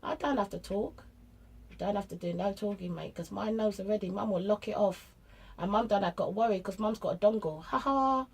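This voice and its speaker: A woman's voice: mid-range voice, fairly quick, creaky, warm tone, breathy edge, poor audio. A middle-aged woman with a British accent, chatting bluntly and casually about parenting, full of slang. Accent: British English. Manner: chatty and blunt, with street slang, acting out family exchanges. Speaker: parent vlogger. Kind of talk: casual monologue giving parenting advice.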